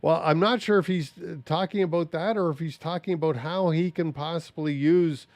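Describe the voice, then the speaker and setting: A man's voice: fairly high pitch, fairly even intonation, moderate pace, a little mellow, dry recording. A man hosting a podcast in casual chat, rambling and thinking aloud as he wraps up the show. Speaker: podcast host.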